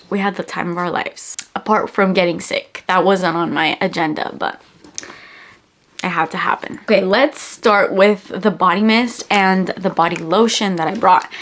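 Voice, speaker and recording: A young woman vlogger with a congested, stuffy-nosed voice. She talks casually and gushes a lot, with plenty of "like" as she walks through her favorite perfumes. Her voice sits at an ordinary middle pitch. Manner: chatty and gushing, lots of "like". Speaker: beauty vlogger. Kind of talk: casual perfume review vlog. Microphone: camera-mounted mic.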